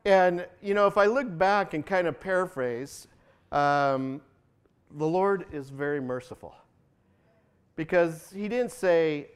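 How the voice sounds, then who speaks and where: Smooth-voiced man preaching conversationally. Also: takes it slowly. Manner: conversational, asks the audience questions, acts out quotes with rising pitch. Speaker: pastor. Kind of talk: sermon.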